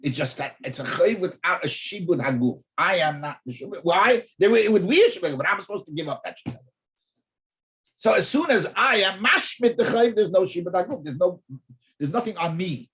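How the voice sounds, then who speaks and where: Animated rabbi teaching Talmud, lively pitch. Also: male voice, brisk. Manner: animated, repeats words while thinking, poses rhetorical questions. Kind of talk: in-depth Torah class.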